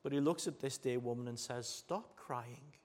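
This pastor talks fast, with an English accent, medium pitch and fairly even intonation. His sermon alternates between emphatic, loud stretches and soft, personal ones, and he keeps posing rhetorical questions to the congregation.

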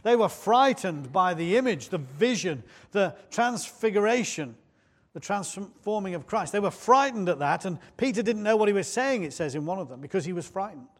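A man's voice: high voice, lively intonation, moderate pace. A man preaching a sermon in church, conversational and often putting questions to the congregation.

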